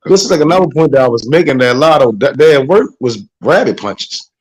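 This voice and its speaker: A man with a mid-pitched voice pushes back bluntly and dismisses the others' points. He speaks in an everyday conversational tone. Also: lively intonation, a little fast, slightly rough, rough recording. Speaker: podcast panelist. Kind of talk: casual boxing chat.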